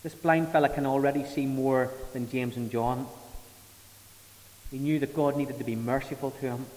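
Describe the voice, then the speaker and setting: A man preaching a sermon, emphatic, swelling to loud peaks and falling back soft. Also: medium pitch, steady tone, moderate pace. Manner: emphatic, rising to loud dramatic peaks, then dropping soft. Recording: reverberant hall.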